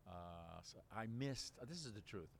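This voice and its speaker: With lively intonation and a mid-range voice at moderate pace, a seventy-something Baltimore man talks through his memories in a relaxed interview. He rambles, full of fillers and restarts, and there's slight background noise.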